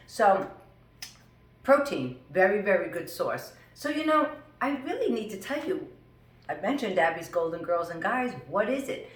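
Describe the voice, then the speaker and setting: A woman over fifty, a fitness instructor, chatting effusively while cooking, full of animated exclamations. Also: on the low side, distant mic. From United States. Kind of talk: casual cooking vlog chat. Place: home kitchen. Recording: roomy echo, voice from off-mic in a home kitchen.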